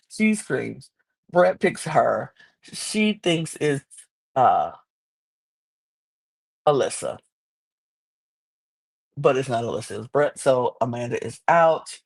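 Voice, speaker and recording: A woman in a casual podcast chat, talking fast and loose with a gravelly edge to her voice. She tells it like gossip to a friend and slips into high, squeaky voices to act out other people. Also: expressive, a little mellow. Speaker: podcast host recapping a reality show.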